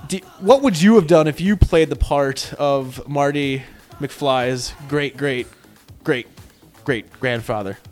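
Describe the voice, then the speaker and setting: A man's voice: medium pitch, takes it slowly, soft background music. A man hosting a podcast in casual banter, rambling and joking with stammering restarts. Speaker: podcast host.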